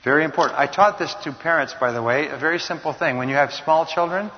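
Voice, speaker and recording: A man's voice: on the high side, fast talker. Man, motivational lecture, emphatic delivery, long hall reverb, muffled lo-fi sound. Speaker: speaker on communication.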